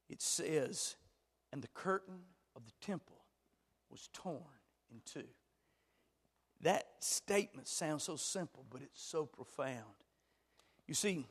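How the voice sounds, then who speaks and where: A man preaching a sermon, dropping to hushed lines and then building to loud, shouted climaxes. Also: on the high side. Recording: long hall reverb.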